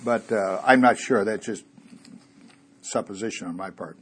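A man's voice: on the low side, moderate pace, breathy edge. A man preaching a conversational sermon in a church, asking his listeners rhetorical questions and chuckling now and then.

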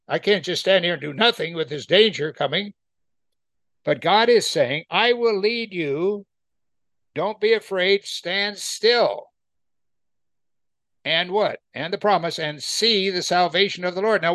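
A man's voice: on the high side, fairly bright tone, no room sound. A man leading a Bible study, reading scripture aloud and explaining it in plain conversational talk, often asking his listeners questions. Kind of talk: verse-by-verse Bible teaching.

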